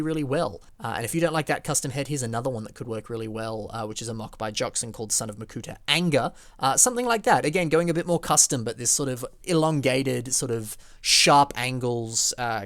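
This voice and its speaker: A man's voice: medium pitch, fairly bright tone, dry recording. A young man hosting a casual video show, giving rambling, filler-heavy feedback on fans' building projects. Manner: chatty and rambling, full of fillers. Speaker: host reviewing fan building projects.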